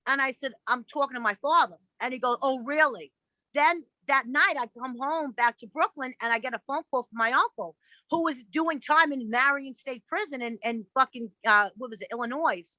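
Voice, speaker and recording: Telling stories in a casual podcast interview, this guest is profane and blunt, mimicking the voices of the people in her anecdotes. She speaks at a moderate pace in a bright, crisp, high voice. There's no echo, as the audio is close-miked, but the quality is poor.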